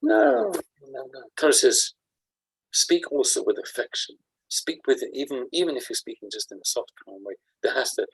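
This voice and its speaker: A man, a rabbi giving a Torah class, animated and jokey, acting out examples as he explains. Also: mid-range voice, vocal fry, slightly rough, rough recording.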